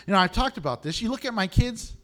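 Middle-aged male pastor, high-pitched and animated, preaching with frequent laughs. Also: fast talker. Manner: animated, laughs often, swings from low to high. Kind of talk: sermon.

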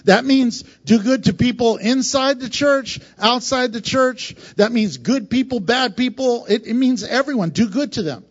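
A man with a high voice preaching a sermon, pressing points hard and then dropping to a hushed tone. The recording sounds dull and lo-fi. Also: moderate pace, few pauses. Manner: preaching with emphatic swings between loud and hushed. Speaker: pastor.

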